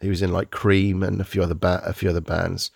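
A man's voice: deep voice, flat delivery, fast, vocal fry, darkish tone, dry recording, studio quality. A man hosting a podcast, reviewing films in casual, rambling chat, often restarting and searching for words.

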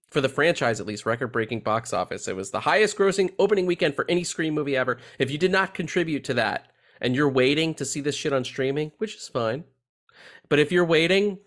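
A man's voice: mid-range voice, fairly bright tone. A man hosting a casual podcast, congested from a head cold, profane and joking as he talks. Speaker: podcast host.

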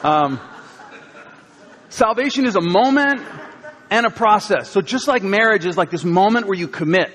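A man preaching a sermon as pastor, conversational, swinging from loud acted quotes to hushed lines. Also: high voice, expressive, moderate pace, long pauses. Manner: conversational, dramatic shifts between loud and hushed. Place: church auditorium. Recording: long reverb of a church hall.

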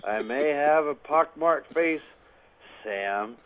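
A man's voice: a little high, animated, slow, muffled recording. A man voicing a drunk, crude male movie star who rambles and mocks people in a call-in message. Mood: drunken ranting. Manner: rambling, profane, mocking. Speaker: caller.

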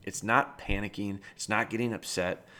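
A middle-aged man hosting a dog training podcast, talking in a relaxed, plainspoken, matter-of-fact way. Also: fairly low pitch, normal speed. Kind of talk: casual advice talk.

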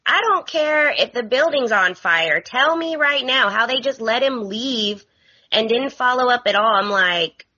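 A woman's voice: fairly high pitch, animated, a little slow, bright, forceful tone, highs cut off. A woman guest co-host on a podcast, chatting casually in a skeptical, questioning way. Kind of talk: casual recap chat.

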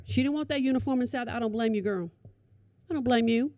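A middle-aged woman telling comic stories to an audience, animated and calling them y'all. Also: on the high side, quick pace, no room sound, dull audio. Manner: animated, addresses listeners as y'all. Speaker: storyteller.

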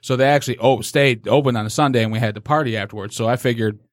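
A man, a podcast guest, telling a story in a casual chat and acting out the quoted voices with a slow, menacing delivery. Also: medium pitch, no room sound, studio quality.

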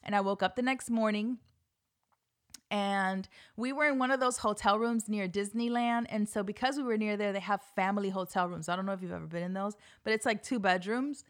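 A woman telling a personal story in a casual, animated, profane way, laughing often and acting out what people said. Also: mid-range voice, fairly quick.

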